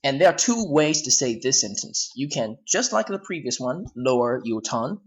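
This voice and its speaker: A man's voice: medium pitch, lively intonation, moderate pace. A man with a Hong Kong accent teaching an English grammar lesson, explaining step by step and rewording himself often.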